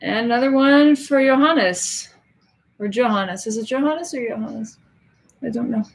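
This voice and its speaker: A woman's voice: a little high, normal speed, vocal fry. A young adult woman hosting a casual livestream, chatting with viewers, laughing often and counting cards aloud as she works. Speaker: livestream host.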